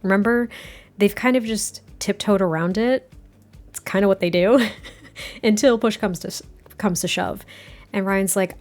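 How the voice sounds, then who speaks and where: A woman's voice: medium pitch, measured pace, long pauses, a little mellow, faint music behind. A woman casually narrating a life-sim story, chatty and giggly, rambling and restarting her sentences. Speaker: game narrator. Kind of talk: casual let's-play storytelling.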